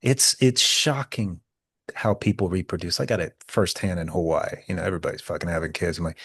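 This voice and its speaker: A man's voice: sits low, a little fast, a bit bright, breathy edge, no echo, clean studio sound. A man co-hosting a podcast who works as a therapist, talking bluntly and profanely in casual chat.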